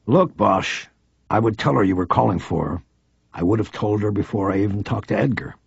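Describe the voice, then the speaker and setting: A man's voice: on the low side, brisk, gravelly, breathy edge, dry recording, full character voice. A man voicing a cautious male federal agent who speaks in a guarded way. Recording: dry, slightly dull audiobook recording.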